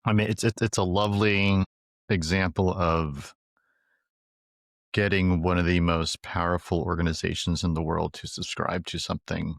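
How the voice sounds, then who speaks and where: A man's voice: low-pitched, little pitch movement, normal speed, gravelly, dry recording, studio quality. A man hosting a podcast, encouraging his guest with short prompts. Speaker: podcast host. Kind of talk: casual conversation.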